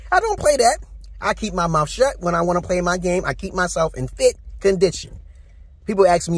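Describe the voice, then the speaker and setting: A Brooklyn man in his forties with a New York accent rants bluntly and profanely to camera in a casual, preachy vlog. His voice sits high and sing-song, slightly rough, at a moderate pace.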